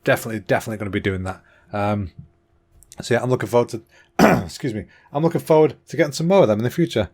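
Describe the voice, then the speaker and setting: This is a man, hosting a casual solo podcast. His voice sits at an ordinary pitch for a man. He talks in an excitable, rambling way, a little out of breath, with a throat that sounds slightly clogged. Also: racing, breathy edge. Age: 30s. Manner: chatty and excitable, with fillers and restarts. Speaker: podcast host.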